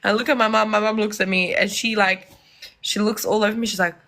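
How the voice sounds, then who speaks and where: A young woman from Lebanon telling animated stories in casual chat, acting out the people she quotes. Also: mid-range voice, fast. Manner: animated, acts out voices in quoted dialogue. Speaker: podcast guest. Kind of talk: casual storytelling.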